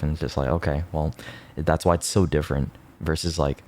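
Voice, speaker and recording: A man's voice: a bass voice, flat delivery, a little fast, mellow. A young man streaming, chatting casually to his viewers in a rambling, self-mocking way with lots of fillers and laughs.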